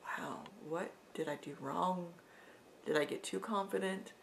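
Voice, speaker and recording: A middle-aged woman telling an emotional personal story in a vlog, halting and sometimes dropping to a soft whisper. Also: fairly low pitch, vocal fry, a little hiss or hum. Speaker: vlogger.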